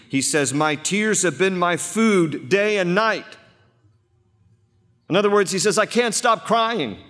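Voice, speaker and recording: A male pastor delivering a sermon in a church, his voice sitting a bit high for a man. He preaches emphatically, climbing and repeating phrases to drive points home, and the long reverb of the church hall trails behind every word. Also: a bit bright. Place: church sanctuary.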